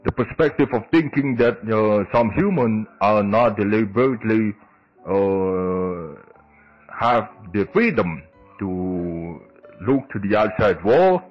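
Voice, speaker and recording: Halting man in a lo-fi podcast. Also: fairly low pitch, expressive, faint music behind. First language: Indonesian. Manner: halting, many fillers and restarts. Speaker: podcast host. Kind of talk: casual solo podcast.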